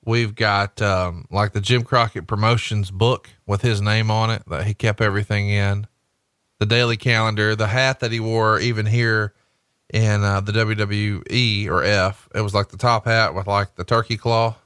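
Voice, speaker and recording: A man's voice: fairly low pitch, level tone, moderate pace, fairly bright tone, smooth, no room sound, studio quality. A man hosting a casual podcast, enthusiastic and full of "like" and "I mean". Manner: enthusiastic, listing things, filler "like".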